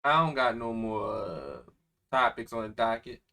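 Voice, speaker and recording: A man's voice: medium pitch, big pitch swings, normal speed, creaky, bright, forceful tone. A young man from Baltimore, co-hosting a podcast in casual chat, rambling and swearing loosely. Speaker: podcast co-host.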